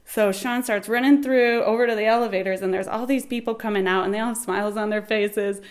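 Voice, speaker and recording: A woman in her thirties recounts a personal birth story in a lively, animated way. She laughs often and acts out the shouted lines of the people in it. Her voice sits in a middle pitch. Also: fairly quick.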